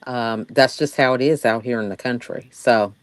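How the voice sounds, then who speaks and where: A woman's voice: a bass voice, moderate pace, slight background noise. A woman in a casual online audio chat who talks in an agreeable, reflective way. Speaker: social audio room participant.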